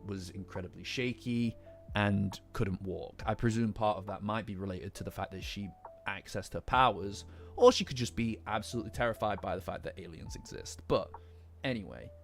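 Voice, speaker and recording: A man's voice: on the low side, animated, moderate pace, gravelly. Man with a Midlands accent. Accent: English Midlands. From England. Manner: rambling with many restarts, swears casually. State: recovering from flu. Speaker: streamer. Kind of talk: casual live-stream chat. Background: faint lofi music.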